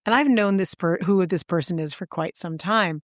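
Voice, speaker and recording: A woman co-hosting a podcast, telling a story in casual chat with animated enthusiasm and sudden jumps in pitch for emphasis. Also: moderate pace, dry recording, clean studio sound. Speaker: podcast co-host.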